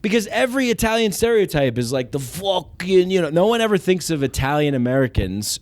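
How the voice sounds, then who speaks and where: A man's voice: high voice, big pitch swings, fairly quick, no echo. A man hosting a comedy podcast, chatting in a loose, profane, riffing way. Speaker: podcast host. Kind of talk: casual comedy chat.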